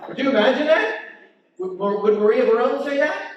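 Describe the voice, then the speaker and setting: A high-voiced Italian-American man delivers stand-up with punchy crowd work. He is caught from a distance in a very echoey venue, and the sound is dull. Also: very animated, moderate pace, noisy background. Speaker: stand-up comedian. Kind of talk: stand-up comedy set. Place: comedy venue with audience.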